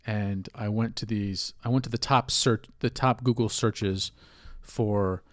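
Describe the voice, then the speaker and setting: A man's voice: fairly low pitch, steady tone, measured pace, dry recording, studio quality. Rueful man with a stuffy nose. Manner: rambling, candid and rueful, with profanity. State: stuffy nose, sniffing from allergies. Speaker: podcast host. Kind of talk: casual solo podcast monologue.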